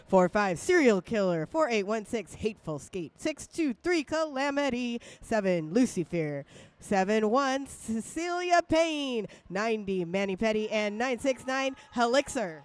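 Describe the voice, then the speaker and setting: A woman's voice: a little high, sing-song, a little slow. A woman announcing a roller derby bout live, giving play-by-play with playful, jokey banter between calls.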